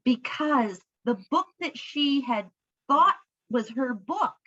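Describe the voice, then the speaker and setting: Over a video call, this book coach mixes storytelling with teaching and performs bits of dialogue. She sounds high-pitched, animated and slow, with a sharp tone, and the recording's highs are cut off.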